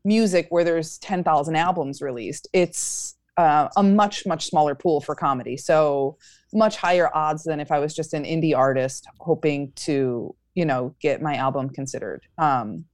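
Brief: young woman comic, lowish voice, dry close sound, upbeat and rambling. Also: normal speed, a little mellow, no room sound. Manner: upbeat, many fillers and restarts. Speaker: stand-up comedian guest. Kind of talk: casual interview chat.

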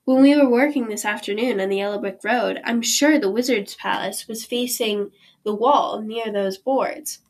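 A woman's voice: on the high side, moderate pace. Level-headed storybook older sister; woman reader. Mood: calm. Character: sensible older sister, calm and careful.

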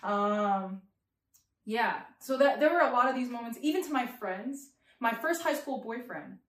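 A young woman from New York City telling a comic personal story in an animated, rambling way, tagging lines with "right?". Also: a little high, a little slow, reverberant, recorded from a distance.

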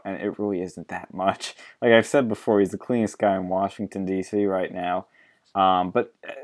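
A man hosting a podcast in casual political chat, blunt and profane, laughing often. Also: fairly low pitch. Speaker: podcast host.

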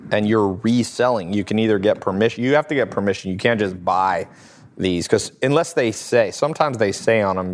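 A man hosting a casual livestream from home, answering viewer questions in a lively, joking way and often laughing. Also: on the low side. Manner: animated, laughs often, acts out quotes in funny voices. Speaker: host.

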